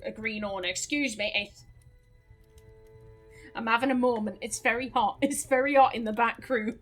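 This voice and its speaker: A woman's voice: fairly high pitch, normal speed, pauses often, faint music behind. A woman hosting a game let's play, joking and chatty, swearing casually.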